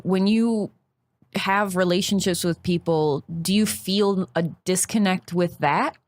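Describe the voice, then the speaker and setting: A woman's voice: lowish voice, no echo. A woman hosting a podcast, asking thoughtful, probing questions in a casual interview. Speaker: podcast host.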